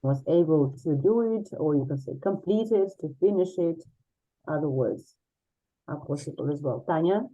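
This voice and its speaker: A woman's voice: deep voice, normal speed, warm tone, muffled recording. A woman teaching an English grammar lesson over a video call, encouraging and explaining with repeated examples.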